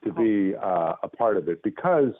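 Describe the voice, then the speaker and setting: A man telling courtroom-comedy stories as a podcast guest, jumping in and out of other people's voices. His pitch moves a lot as he talks. He comes through a narrow, tinny phone line. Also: normal speed. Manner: lively, acts out voices, restarts often. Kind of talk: animated storytelling on a phone call.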